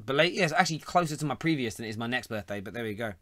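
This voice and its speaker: A man's voice: medium pitch, lively intonation, very fast, a bit bright, slight background noise. A man, hosting a live football phone-in, chatty and laughing often. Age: 30s. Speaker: phone-in host. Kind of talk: casual live show chat.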